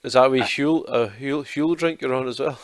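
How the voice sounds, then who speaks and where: A Scottish man shares sweary anecdotes in casual podcast chat, laughing as he goes. His voice sits at a middling pitch. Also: fairly quick, crowd noise. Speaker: podcast co-host.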